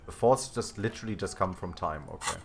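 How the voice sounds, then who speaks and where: A man streaming a game, reading its text and making quiet, laid-back asides. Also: sits low, fairly quick, slight background noise.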